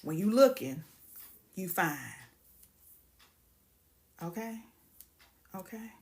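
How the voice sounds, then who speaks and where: A woman's voice: mid-range voice, lively intonation, takes it slowly, a little mellow. A woman hosting a casual livestream, ranting bluntly and profanely and greeting viewers by name. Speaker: livestream host.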